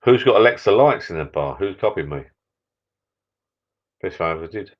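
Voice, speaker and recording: A middle-aged man with a deep, low voice rambles to his live-stream viewers from a small backyard shed bar, tired and a few beers in, with the odd mild swear. The audio is dull and lo-fi, as if picked up by a laptop mic. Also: expressive, moderate pace. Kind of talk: casual live-stream chat.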